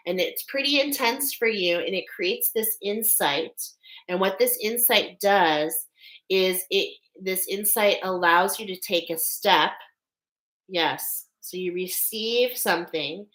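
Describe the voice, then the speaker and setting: A woman giving a live channeled intuitive reading in a halting way, often pausing to check in with "okay". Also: lowish voice, a bit bright, rough recording. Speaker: intuitive reader.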